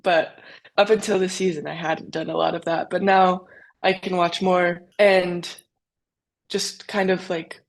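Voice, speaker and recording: Young woman chatting, slightly low voice. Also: flat delivery, measured pace. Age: young adult. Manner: chatty, many "like" and "kind of" fillers. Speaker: cyclocross racer guest. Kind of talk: casual interview answers.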